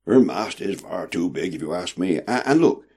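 A man's voice: low voice, animated, normal speed, mellow, husky, exaggerated voice. A man voicing a doubtful, stubborn old male sailor who talks in a rustic, emphatic way, raising his voice above his usual tone. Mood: doubtful, grumbling. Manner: rustic old dockside talk, raised and emphatic.

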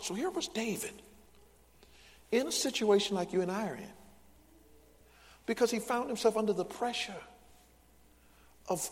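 Man, pastor, sermon, call-and-response, fairly high voice, very lively pitch, long hall reverb. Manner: call-and-response preaching, rising to loud bursts. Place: large church sanctuary.

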